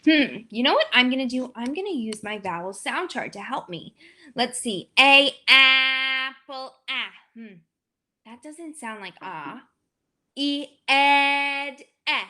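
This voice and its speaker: A young adult woman teacher walking through a demo phonics lesson, stretching out each letter sound slowly and clearly. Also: a little high, big pitch swings, fairly bright tone.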